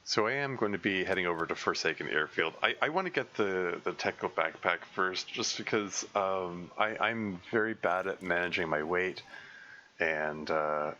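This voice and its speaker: A man streaming a survival game, talking through his plans in a halting way full of fillers and restarts. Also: low voice, pushed and bright, lo-fi sound, slight background noise. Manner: halting, thinking aloud with many fillers and restarts. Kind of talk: casual live gameplay commentary.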